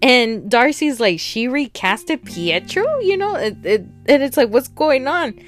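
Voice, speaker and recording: A woman's voice: high-pitched, big pitch swings, normal speed, soft background music. A woman casually recapping and reviewing a TV episode, rambling along and acting out the characters' lines. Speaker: TV show reviewer.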